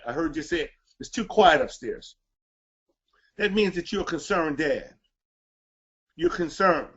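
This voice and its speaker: A middle-aged man with a fairly high voice delivers a preaching talk to fathers. He repeats his points for emphasis. The recording sounds dull and lo-fi. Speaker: guest speaker. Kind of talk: encouraging show talk.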